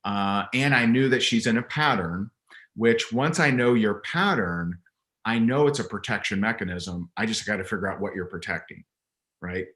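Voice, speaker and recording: A business coach, appearing as an interview guest, relates a story from a coaching call. He speaks emphatically and conversationally, often restarting his thoughts by repeating words, in a fairly low, slightly bright voice at normal speed.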